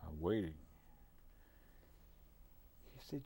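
An older man recounts a personal story with an animated, sweeping delivery. His pitch rises and falls a great deal, and his voice sits at an ordinary male pitch, neither high nor deep. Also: measured pace, pauses often. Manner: lively, animated storytelling, drops low for asides. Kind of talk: anecdotal storytelling.

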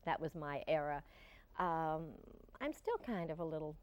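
Older woman reminiscing, low-pitched voice. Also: animated. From Portland, Oregon. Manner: warm reminiscing, halting restarts. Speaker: interview guest. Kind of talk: reflective interview talk.

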